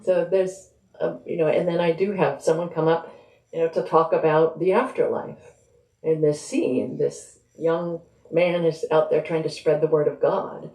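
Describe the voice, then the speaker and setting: A woman's voice: deep voice, flat delivery, moderate pace, dark tone. A woman author speaking conversationally and reading from her novel at a live bookstore event. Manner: conversational, thinking aloud. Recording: roomy echo.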